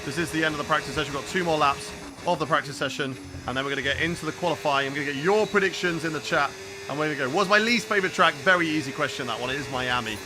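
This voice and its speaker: A young man live-streaming a racing game, chatting casually and answering viewer questions between laps. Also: mid-range voice. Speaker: gaming streamer.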